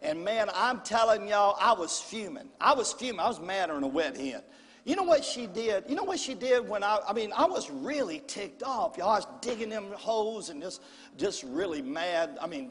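A man, a pastor telling stories in a sermon, folksy and animated. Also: high-pitched. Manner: folksy, animated storyteller with y'all. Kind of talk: church sermon storytelling. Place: large church sanctuary. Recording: long reverb of a large church hall.

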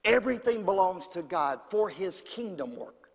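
God as a patient divine father, insistent and coaxing, in a high voice that rings through a hall with a long echo, put on by a man preaching. The commands come firm and repeated, gently pressing. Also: animated, normal speed, vocal fry, exaggerated voice. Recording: long church reverb.

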